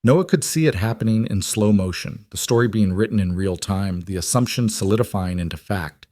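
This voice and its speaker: A man narrating a dramatic story in a steady, scripted manner. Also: lowish voice, a little fast, no room sound, clean studio sound.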